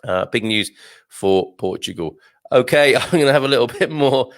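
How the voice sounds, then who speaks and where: A man's voice: mid-range voice, lively intonation, moderate pace, no room sound, studio quality. A man hosting a live news and quiz show, chatty and jovial, with lots of fillers and chuckles, a little sluggish this morning. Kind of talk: casual live-stream hosting. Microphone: desktop mic at a computer.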